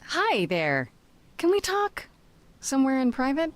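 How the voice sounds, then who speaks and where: A steady, determined young muse in a video game. She talks slowly and carefully, and her voice rises and falls with lively inflection. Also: high voice, exaggerated voice. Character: determined young woman muse, patient and direct.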